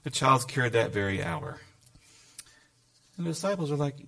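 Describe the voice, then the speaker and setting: A man's voice: medium pitch, lively intonation, moderate pace, vocal fry, pushed and bright. A man teaching a Bible lesson in a conversational sermon style, reading verses aloud and adding casual asides.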